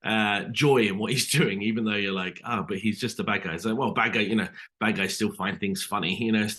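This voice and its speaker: A man's voice: on the low side, a little fast, a bit bright. A British man, an actor, talking through an interview in a loose, hesitant way full of fillers and restarts. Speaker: actor guest. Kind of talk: casual interview chat.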